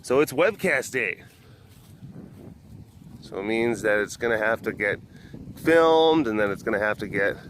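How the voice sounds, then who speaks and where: A man's voice: medium pitch, fairly bright tone, slight background noise. A man from Wisconsin hosting a casual webcast outdoors at an animal compound, talking into a handheld phone in a rambling way that repeats itself. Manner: rambling, repeats himself, coos baby talk at the cats. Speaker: vlog host at a big cat sanctuary.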